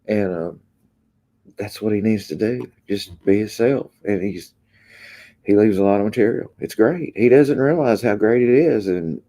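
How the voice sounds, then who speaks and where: A livestream host with a low, mellow voice reads comments in an unhurried, casual chat. He's laid-back and drawling, often trailing off with ums.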